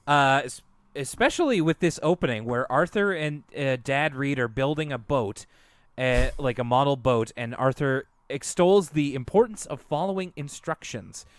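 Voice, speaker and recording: A man's voice: mid-range voice, fairly bright tone. A man co-hosting a podcast in casual chat, loose and chatty with many fillers and restarts. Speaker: podcast co-host.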